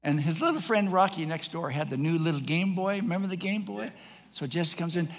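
A man's voice: a little high, fairly quick. A middle-aged man preaching a sermon as pastor, telling a story and acting out the voices of others, laughing often. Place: large church hall. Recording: echoey church hall, faint noise.

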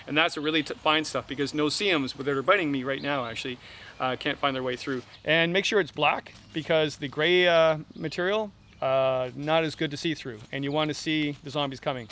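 A middle-aged Canadian man reviewing camping gear outdoors at a campsite, making jokey deadpan asides between many fillers. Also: on the high side, a little hiss or hum. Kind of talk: joking gear review vlog.

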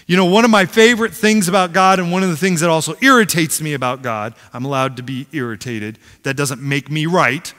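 A middle-aged man pastor delivers a sermon in a bright, forceful voice that sits a little high. He tells stories with humor and acts out the voices in them, and his words ring with the long reverb of a large church hall. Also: fairly quick, hardly any pauses. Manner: animated storyteller, acts out quotes, self-deprecating humor.

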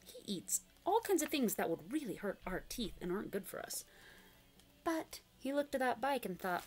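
A woman's voice: on the high side, sing-song, normal speed, darkish tone, breathy edge. A young woman reading a picture book aloud to preschoolers, asking the listener questions and making animal noises. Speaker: children's storyteller.

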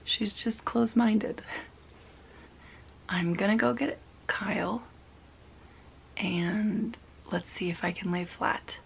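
A woman in her thirties recording a personal video diary, talking in a soft, halting, confiding way that often drops to a half-whisper. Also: medium pitch, gravelly, a little hiss or hum. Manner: emotional, confiding. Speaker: vlogger.

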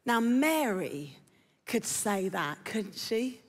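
A woman's voice: mid-range voice, big pitch swings, takes it slowly. A woman preaching a sermon in a conversational way, often putting questions to the congregation. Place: church auditorium. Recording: reverberant church hall.

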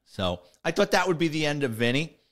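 Lively middle-aged man spinning cop stories. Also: a little high, a little fast. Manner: animated, conversational, full of "he goes" and "I says". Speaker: retired police officer telling stories. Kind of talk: casual storytelling podcast.

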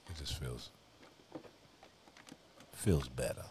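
A man's voice: rumbling low, slow pace, background noise. A male streamer giving profane live gameplay commentary, often dropping to a whisper.

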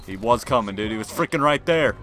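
A young man commentating his own gameplay in a casual, slangy way, muttering to himself and then yelling at the game. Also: medium pitch, expressive, a little fast. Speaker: gaming video creator. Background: game music and gunfire.

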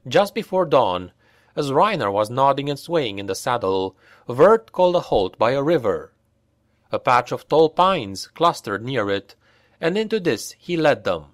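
A man narrating a dark fantasy audiobook in a steady, measured storytelling voice. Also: mid-range voice, no room sound, clean studio sound.

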